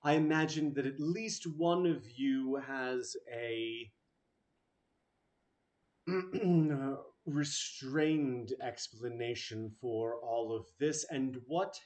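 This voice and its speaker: A man voicing a regal, composed queen in a tabletop game, speaking in a cool, measured and imperious way. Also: mid-range voice, a little mellow.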